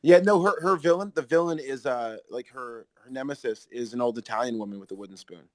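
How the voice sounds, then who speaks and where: Excitable, rambling man on a podcast. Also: medium pitch, a little fast, no echo. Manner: excitable, rambling, swears freely. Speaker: podcast host. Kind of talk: casual chat.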